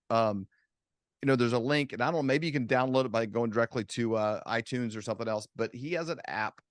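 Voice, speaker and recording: A man's voice: medium pitch, dry recording, studio quality. A man hosting a casual talk show, speaking in a rambling conversational way. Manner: conversational, rambling with fillers and restarts. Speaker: host.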